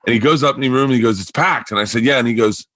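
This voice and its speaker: A man with a bright, forceful voice spins long anecdotes for his podcast, jumping into other people's voices as he goes. He sounds close and dry on the mic, with no room sound at all. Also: mid-range voice, very fast, no room sound. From Florida. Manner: rambling, animated storyteller who acts out quotes. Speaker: podcast host. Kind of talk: casual storytelling chat.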